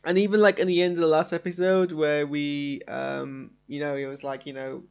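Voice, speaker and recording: A man hosting a live reaction stream from a home studio, his voice sitting a bit on the high side. He talks in long, rambling runs, eager and enthusiastic throughout. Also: little pitch movement, normal speed, vocal fry, a little mellow, clear, resonant tone. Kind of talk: live casual show reaction.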